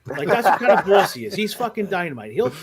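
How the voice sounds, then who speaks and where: A man's voice: high-pitched, quick pace, a loud crowd. A man telling rowdy, profane stories in a casual podcast chat, often laughing as he goes. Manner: animated, profane, laughs through his stories. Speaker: podcast guest who works as a mall Santa.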